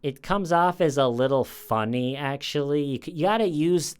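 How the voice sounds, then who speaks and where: Smooth-voiced man giving casual crime commentary. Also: on the high side, normal speed. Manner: conversational, opinionated, acts out quotes. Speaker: true crime commentary host.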